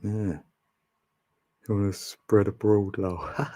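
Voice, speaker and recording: A man's voice: lowish voice, fairly even intonation, slow pace, warm tone. A man, chatting casually with viewers on a live stream, laughing often and teasing them.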